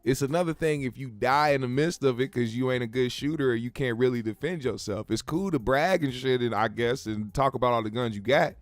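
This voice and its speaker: A man's voice: mid-range voice, fairly quick, hardly any pauses, dry recording. A man hosting a show, giving laid-back, joking commentary full of profanity. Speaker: show host. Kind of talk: casual commentary.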